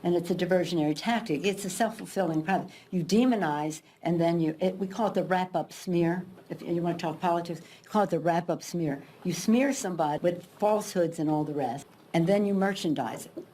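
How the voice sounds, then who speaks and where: A woman in an archive clip of press remarks, explaining deliberately and repeating herself. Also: on the low side, mellow, slight background noise.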